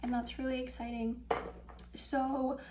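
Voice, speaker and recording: A chatty young woman gives a casual pick-a-card tarot reading in a high, flat voice with vocal fry, talking a bit slowly in a dark tone. She's upbeat, full of ums and little laughs, on a rough recording with slight background noise.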